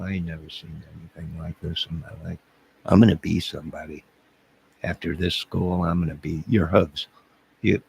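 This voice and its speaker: A man's voice: low-pitched, vocal fry, breathy edge, heavily acted. A man playing a bumbling, lonely single man who rambles and stammers, bragging one moment and apologizing the next in a comedic monologue to camera.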